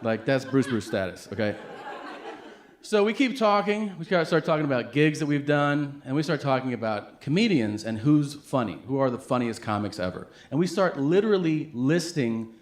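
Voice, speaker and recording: A man's voice: medium pitch, lively intonation, moderate pace. A man in his forties doing stand-up storytelling, acting out the people in his stories. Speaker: stand-up comedian.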